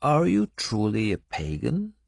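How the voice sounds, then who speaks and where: An audiobook narrator, a man, voicing a wary, bitter foreign woman who speaks slowly and gravely with a foreign-sounding accent. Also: rumbling low, huge pitch swings, a little mellow, no echo, clean studio sound, voice pushed up, full character voice. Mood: bleak, wary. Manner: slow, measured, bleak delivery. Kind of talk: audiobook character voice.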